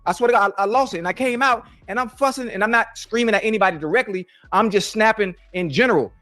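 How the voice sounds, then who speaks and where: Middle-aged male co-host, excitable storyteller, quick delivery in a high register. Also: dry recording, soft background music. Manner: animated, keeps addressing his co-host by name. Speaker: co-host, former pro football player. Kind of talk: casual storytelling chat.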